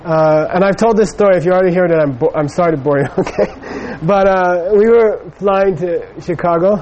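A man's voice: high voice, moderate pace, darkish tone, lo-fi sound, slight background noise. A middle-aged man giving a Buddhist teaching, telling a personal story in a rambling way with many fillers. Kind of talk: dharma talk with personal anecdote.

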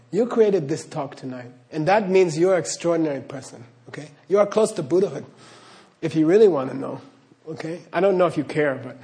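Earnest spiritual teacher, man, slightly high voice. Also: dark tone. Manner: earnest, repeats "okay?", laughs while storytelling. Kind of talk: spiritual talk to an audience.

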